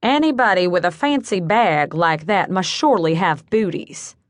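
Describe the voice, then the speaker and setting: A woman's voice: lowish voice, lively intonation, moderate pace, dry recording, studio quality, close to an everyday voice. A woman voicing a plump, fussy male matchmaker with a slightly nasal Southern accent, drawling and theatrical. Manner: theatrical, drawling, calls people darling.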